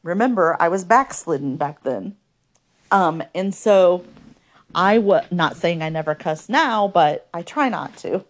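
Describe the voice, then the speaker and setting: A woman's voice: fairly low pitch, animated, unhurried. Earnest woman telling her life story. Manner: earnest, conversational, many fillers. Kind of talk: personal storytelling podcast.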